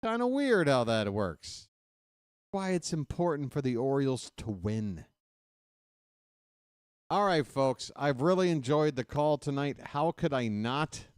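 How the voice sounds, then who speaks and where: A man's voice: medium pitch, big pitch swings, measured pace, long pauses, clean tone, dry recording, studio quality. A man hosting a baseball play-by-play livestream, chatting casually with viewers after the game and calling them folks. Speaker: play-by-play host.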